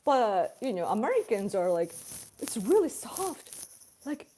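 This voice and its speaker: Japanese-accented female streamer, English is a second language, bouncy intonation, unhurried, laughs a lot. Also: on the high side, sing-song, warm tone, slight background noise. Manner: chatty, laughs often, acts out examples. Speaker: livestream host reading chat. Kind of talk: casual chat.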